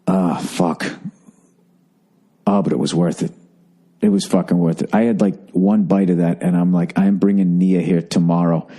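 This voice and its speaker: A man's voice: deep voice, steady tone, moderate pace, long pauses, dark tone, husky. A middle-aged man hosting a solo podcast, rambling in a profane, exasperated comic rant, overfull and thirsty. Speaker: podcast host.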